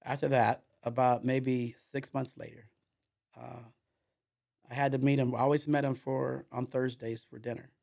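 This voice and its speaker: A man sits as a guest on a casual podcast and tells a long personal story. His voice is gravelly, and his pitch sits in an ordinary middle range. He rambles, repeating fillers and restarting his sentences as he goes. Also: level tone, normal speed, a little mellow.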